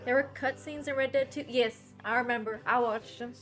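A woman streaming a video game, chatting excitedly in a deliberately bad put-on accent. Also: a little high, soft background music. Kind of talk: live game commentary.

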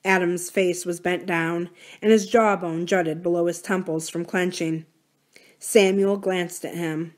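A woman reading a novel aloud for a library series, narrating in a calm, even manner. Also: on the low side, unhurried. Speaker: library reader. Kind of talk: audiobook-style novel reading.

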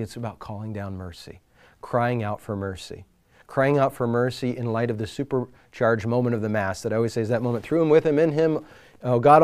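A man giving a talk at a faith retreat, telling stories in an animated, informal way, shifting between loud and hushed and often restarting his sentences. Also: medium pitch. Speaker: retreat speaker. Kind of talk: retreat talk to a live group.

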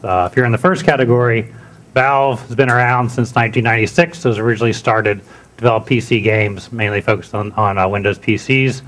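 A man giving a conference talk, relaxed, with frequent "uh" fillers and restarts. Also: mid-range voice, quick pace. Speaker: conference speaker. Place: conference room.

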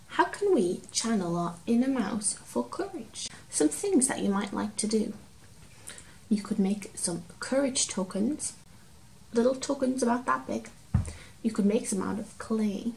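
A woman reads a picture book aloud for children, gentle and dramatic, her voice rising and falling in a very lively way at an unhurried pace. She sounds a bit far from the mic in a roomy space. Faint background ambience can be heard. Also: medium pitch, gravelly, a little hiss or hum. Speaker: children's storyteller.

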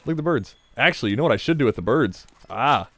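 Fast and lively, a mid-range, somewhat bright male voice narrates a video game as a let's play gamer. He keeps it jokey and rambling, chatting back at the game, chuckling frequently and slipping in side comments.

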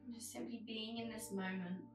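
Calm woman guiding a yoga class. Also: fairly high pitch, brisk, roomy sound, far from the mic, music in the background, rough recording. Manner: calm, gentle guiding cues. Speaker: yoga teacher. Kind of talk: guided yoga instruction.

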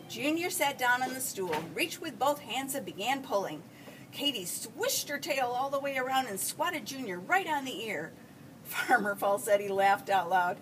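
A woman teacher reading a children's storybook aloud in an expressive storytelling manner. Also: fairly high pitch, moderate pace. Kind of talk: reading a picture book aloud. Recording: distant mic, faint background hiss.

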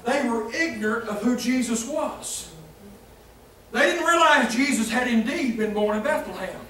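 Man, preacher, high bright voice, folksy, emphatic, distant mic, echoey church. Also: a little hiss or hum. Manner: folksy, emphatic, bursts of shouting. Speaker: pastor. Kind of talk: sermon.

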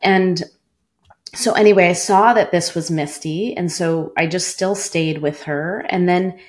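A woman's voice: fairly low pitch, unhurried. A woman in her forties, a former cancer doctor, earnestly telling a personal story in an interview, with many "like" fillers.

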